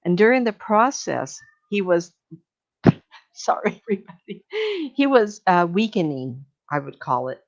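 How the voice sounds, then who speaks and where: Older lady rambling through stories to a crowd, lowish voice, laughs a lot, dull lo-fi sound. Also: expressive, unhurried. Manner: chatty, meandering storytelling with laughs and acted-out quotes. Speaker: medium speaking to an audience. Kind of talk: storytelling talk to a live audience. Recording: dull lo-fi recording.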